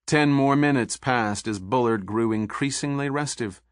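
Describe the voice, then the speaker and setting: A man narrating an audiobook in a measured, steady storytelling voice. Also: medium pitch, clear, resonant tone, dry recording, clean studio sound.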